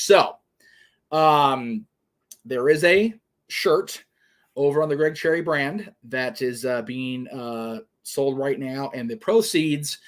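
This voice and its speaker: A middle-aged man hosting a casual live stream from his home office, rambling with many fillers and turning blunt and indignant. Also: mid-range voice. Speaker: host.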